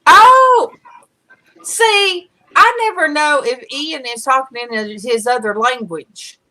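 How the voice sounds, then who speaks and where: A woman hosts a relaxed livestream, greeting viewers one by one in an unhurried, slightly high voice. Her tone is bright and sunny, and she laughs easily between stories. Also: rough recording. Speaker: livestream host. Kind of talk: casual livestream chat.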